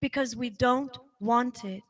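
A woman with a bright, high voice gives a devotional talk at a spiritual center. She tells her story with emphasis and animation, building each point as she goes. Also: unhurried. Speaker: devotional speaker.

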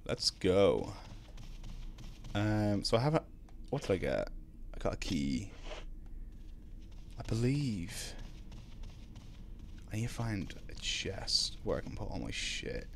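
A young Irish man streaming a video game, chatting casually with his viewers between drawn-out ums. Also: lowish voice, sing-song, vocal fry, slight background noise. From Ireland. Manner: laid-back, drawn-out ums, greets chat. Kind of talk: casual live-stream chat while gaming.

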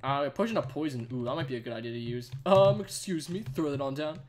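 A man's voice: mid-range voice, animated, fast. A young man streaming a game live, out of breath and chatting in a rambling way full of "like". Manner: rambling, chatty, says "like" a lot. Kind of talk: casual live stream chat.

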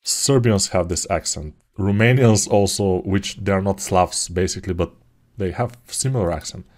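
A man's voice: low voice, moderate pace, a little mellow. A middle-aged man with a Bulgarian accent, rambling with silly jokes while he works through a 3D modeling tutorial. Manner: rambling, self-mocking, jokey asides. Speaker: 3D art tutor. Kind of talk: live commented modeling tutorial.

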